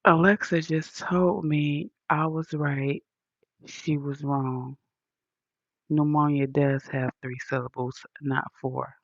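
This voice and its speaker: A woman's voice: sits low, steady tone, slow pace, dry recording, lo-fi sound. A woman vlogger talking casually to her viewers, blunt and playful, swearing freely. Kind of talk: casual vlog chat.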